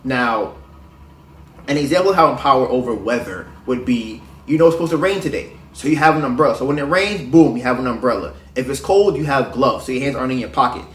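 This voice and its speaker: A man delivers a casual, preachy monologue of dating advice, full of slang and sometimes sinking to a low murmur. His voice sits at an ordinary pitch for a man. The room adds a noticeable echo. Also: expressive, fast. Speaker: podcast host. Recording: roomy echo.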